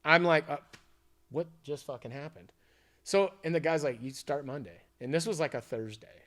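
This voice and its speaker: A man telling a story in a loose, profane podcast chat. His voice sits a little higher than most men's. He swings between hushed asides and loud outbursts. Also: normal speed. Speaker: podcast co-host.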